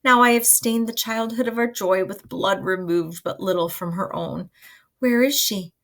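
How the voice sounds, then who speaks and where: A woman's voice: medium pitch, normal speed, fairly bright tone, pitched above the performer's own voice, natural voice. A grief-stricken young man, as a woman reads his part, anguished and full of desperate questions. His lines come out with urgent, pleading emphasis in a dramatic play reading.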